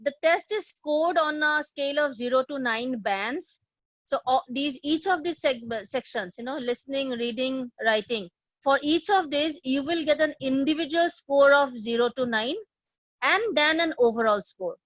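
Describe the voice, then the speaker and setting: A woman's voice: sits high, moderate pace, a bit bright, no echo, low-quality recording. A woman presenting a live online lesson on test preparation, explaining step by step and asking her audience questions. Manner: explanatory, asks the audience questions, frequent fillers and restarts. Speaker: test prep instructor.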